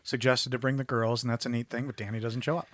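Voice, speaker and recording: A man co-hosting a podcast, chatting casually about a film and acting out characters' lines in quick impressions. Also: medium pitch, level tone, a bit bright, dry recording, studio quality. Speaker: podcast co-host.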